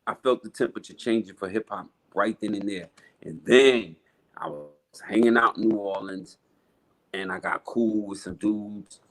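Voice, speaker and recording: A man's voice: fairly low pitch, normal speed, fairly bright tone, rough recording. A middle-aged man, a rapper guest telling stories in a casual interview, emphatic and profane with street slang.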